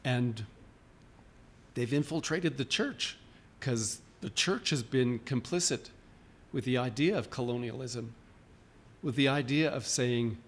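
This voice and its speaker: A man's voice: medium pitch, measured pace, pauses often. A man preaching a sermon in a church, informal and questioning, often restarting his sentences. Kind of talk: conversational sermon.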